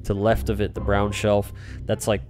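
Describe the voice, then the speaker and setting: A man's voice: lowish voice, monotone, normal speed. A man streaming a retro game, chatting casually, reading out chat messages and spinning silly made-up stories. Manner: rambling, joking, tells tall tales, reads chat aloud. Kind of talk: casual livestream chat while playing. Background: game music.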